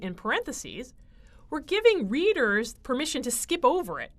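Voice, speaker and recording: A woman giving a writing lecture, explaining clearly with frequent fillers. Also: a little high, big pitch swings, normal speed. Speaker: writing instructor.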